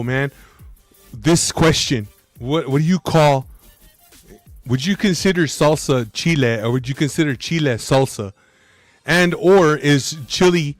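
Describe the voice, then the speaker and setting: A man's voice: mid-range voice, dry recording. A man chatting casually on a live stream. He argues brashly, swears freely, and keeps saying bro and dude.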